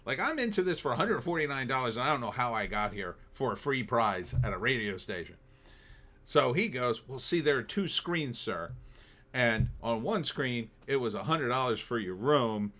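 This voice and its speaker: Exasperated man with a bright voice. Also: mid-range voice, lively intonation, moderate pace. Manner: exasperated, sarcastic, acts out both sides of the dialogue. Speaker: vlogger telling a story. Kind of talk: casual storytelling rant.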